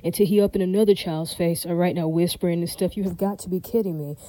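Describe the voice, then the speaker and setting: A woman's voice: on the low side, steady tone, fast, warm tone, no echo, low-quality recording. A woman vlogger talking straight to her viewers in a rambling monologue, emphatic and defiant, looping back to the same catchphrases and checks for agreement. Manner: emphatic, repeats "all right, now" and "does that make sense?"; defiant, insistent tone. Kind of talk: rambling direct-to-camera monologue.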